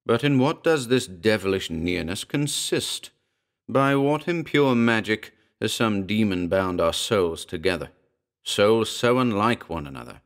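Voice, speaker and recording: A man's voice: on the low side, expressive, unhurried. A man reading the part of a bitter, brooding writer who speaks in a tense, agitated way, in a horror audiobook.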